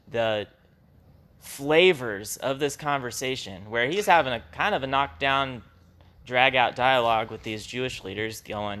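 A man leads a congregation through a Bible passage at an unhurried, deliberate pace. His tone is bright and a little taut. He talks in a loose, conversational way, often restarting his sentences, and adds small chuckles as he goes. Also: mid-range voice. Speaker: pastor. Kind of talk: informal Bible teaching to a congregation.

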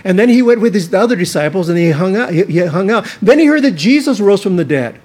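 A man's voice: high voice, expressive, darkish tone, breathy edge. Earnest man preaching a sermon. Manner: earnest, emphatic preaching with drawn-out stresses. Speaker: pastor.

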